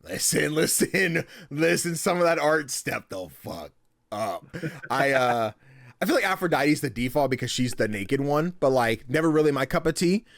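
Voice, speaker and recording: Animated young man hosting a podcast. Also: on the high side, moderate pace, gravelly, no room sound, studio quality. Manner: animated, joking, swears casually. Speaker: podcast host. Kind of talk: casual podcast chat.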